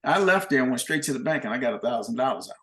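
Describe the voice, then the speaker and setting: Older man telling animated stories. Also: medium pitch, rapid-fire, reverberant. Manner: animated, plain-spoken anecdotes. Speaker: guest musician. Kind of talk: casual storytelling.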